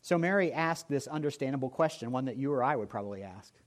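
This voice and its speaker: A man preaching a sermon as pastor, telling stories with humor and shifting between loud and soft delivery. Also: medium pitch, fast talker. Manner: storytelling with humor, lively swings in volume.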